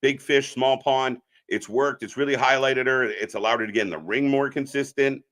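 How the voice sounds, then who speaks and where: A man co-hosting a live wrestling stream, chatting casually and reacting loudly to the action. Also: mid-range voice, steady tone, moderate pace.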